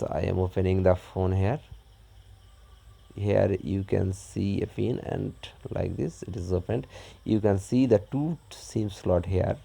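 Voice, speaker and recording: A man narrating an unboxing step by step in a halting, plain way. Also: low-pitched, creaky, mellow, breathy edge. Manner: halting, plain, describes each step as he does it. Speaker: unboxing vlogger.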